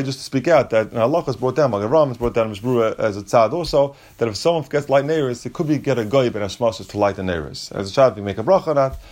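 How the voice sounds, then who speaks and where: A man's voice: mid-range voice, darkish tone. Man teaching a Gemara lesson. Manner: explains step by step, restating each point in English. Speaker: Talmud teacher. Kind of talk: Gemara lesson mixing English and Hebrew-Aramaic terms.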